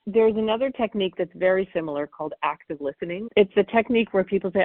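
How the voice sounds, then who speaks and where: A woman parenting expert answering interview questions, animated and acting out what parents and children say. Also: medium pitch, fast, few pauses, no room sound. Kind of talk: interview answers, explaining technique. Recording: phone-like dry call audio.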